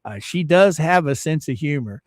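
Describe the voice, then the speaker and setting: A chatty middle-aged man hosts a livestream from home, his voice sitting a bit high and swinging widely in pitch as he reads out chat. He laughs easily between thoughts, and the sound is close and dry with no room around it. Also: normal speed, no room sound. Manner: chatty, laughs often, animated rises. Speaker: livestream host reading chat. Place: home streaming setup.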